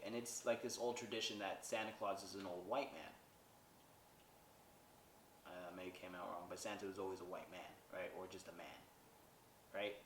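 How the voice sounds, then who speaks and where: A man's voice: low-pitched, steady tone, moderate pace, long pauses, fairly bright tone, slight background noise. A man hosting a podcast, casually recapping a movie plot in a rambling way, often asking "right?". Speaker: podcast host reviewing a movie. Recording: roomy echo, distant mic, faint ambience.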